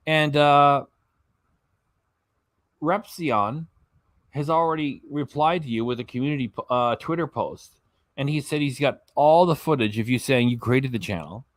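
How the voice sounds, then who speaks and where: A man's voice: medium pitch, measured pace, dry recording. A man hosting a reaction channel, giving blunt, sarcastic commentary over clips and swearing freely.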